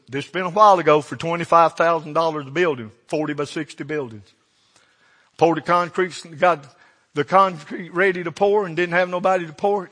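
Older pastor, high voice, folksy sermon storyteller who acts out his dialogue. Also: a bit bright.

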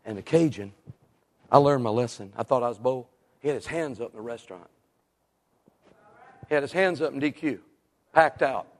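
Animated evangelist in a reverberant hall. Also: male voice, medium pitch, moderate pace, long pauses. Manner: animated, acts out the people in his story. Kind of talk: storytelling sermon. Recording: long reverb in a large hall.

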